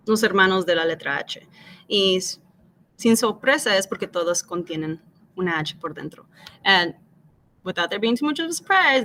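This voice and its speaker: A woman's voice: medium pitch, bright, forceful tone, a little hiss or hum. A woman teacher patiently explaining phonics, switching between English and Spanish and modeling each letter sound aloud. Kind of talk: bilingual classroom phonics explanation.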